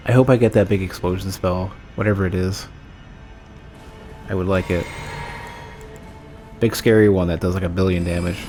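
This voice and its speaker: A man's voice: deep voice, steady tone, normal speed, pauses often, warm tone, faint music behind. A man streaming a video game, thinking aloud about damage numbers and reacting as he plays in casual commentary.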